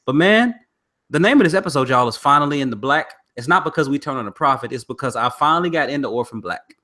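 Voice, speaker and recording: A man's voice: medium pitch, expressive, fast talker, sharp tone. A young man co-hosting a casual podcast, chatting easily and answering listeners. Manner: laid-back, chatty, reads listener comments. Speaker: podcast co-host.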